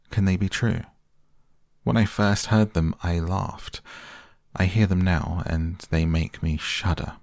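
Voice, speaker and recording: A man's voice: deep voice, creaky, darkish tone, no echo, clean studio sound. A man reading a bedtime audiobook, voicing an earnest middle-aged male painter who pleads with and reproaches a friend. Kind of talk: softly read bedtime audiobook.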